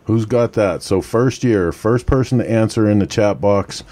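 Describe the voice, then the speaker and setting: A male host with a low, dark, mellow voice runs a live online show. He talks in a relaxed, easygoing way, with lots of casual back-and-forth. He laughs easily. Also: moderate pace. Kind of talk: casual live-stream chat.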